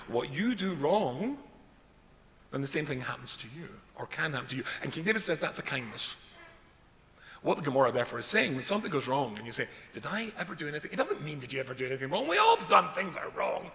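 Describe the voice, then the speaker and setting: Lively rabbi telling jokes. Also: male voice, a little high. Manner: jokey, self-deprecating, animated. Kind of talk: humorous lecture with storytelling. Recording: reverberant hall with faint noise.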